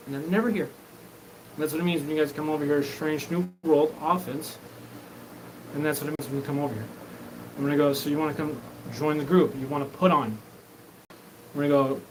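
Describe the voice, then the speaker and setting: A man's voice: a little high, brisk. Rambling man over background noise. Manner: disjointed, profane, jumps between topics. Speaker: show host. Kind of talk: rambling live monologue. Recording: noisy background.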